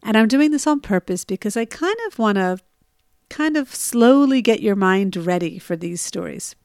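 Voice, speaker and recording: A woman's voice: medium pitch, animated, normal speed, darkish tone, clean tone, no room sound, clean studio sound. A middle-aged woman telling a personal story in a conversational way, often asking listeners "right?" and laughing at herself. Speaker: storyteller sharing personal stories.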